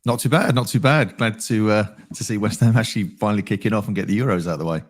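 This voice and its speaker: A man co-hosting a fan stream, chatting casually in a relaxed, somewhat rambling way. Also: lowish voice, fast talker. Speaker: co-host fan commentator. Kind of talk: casual chat.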